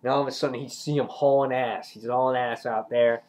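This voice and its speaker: A man's voice: mid-range voice, fairly even intonation, a little fast, a little mellow. A young man giving a casual, rambling comic book review, swearing freely.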